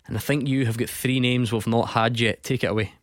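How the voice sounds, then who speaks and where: A man hosting a football phone-in on the radio, brisk and upbeat. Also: mid-range voice, steady tone, no echo, studio quality. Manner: brisk, upbeat, steering the talk. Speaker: radio sports host.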